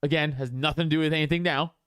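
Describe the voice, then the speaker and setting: A man's voice: on the high side, steady tone, very fast, fairly bright tone, clean tone, no room sound, studio quality. A young man co-hosting a podcast, telling a story in casual chat, acting out quoted voices and laughing often. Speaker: podcast co-host.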